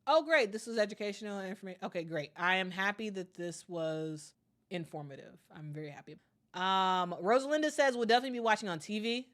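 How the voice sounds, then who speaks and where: A woman's voice: medium pitch, very animated, fairly quick, a bit bright. A young woman hosting a casual sports livestream, chatting with many fillers and repeats and reading viewer comments aloud. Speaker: sports channel host.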